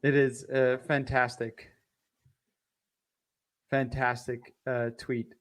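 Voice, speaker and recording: A man's voice: medium pitch, level tone, takes it slowly. A man co-hosting a casual political commentary show, explaining things with many fillers and easy laughs. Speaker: co-host.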